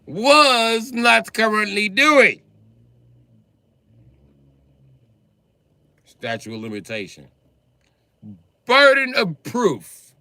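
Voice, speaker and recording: Man doing a high, shouting, stuffy little castle lord; indignant and formal. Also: dry recording, heavily acted. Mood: pompous. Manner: stiffly formal, shouting orders. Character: indignant pompous small man defending his castle.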